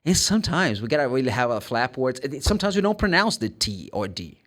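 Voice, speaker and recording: Brazilian man teaching English, lively pitch. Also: brisk. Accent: Brazilian Portuguese. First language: Brazilian Portuguese. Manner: animated, acts out little dialogues, spells words letter by letter. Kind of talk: casual teaching.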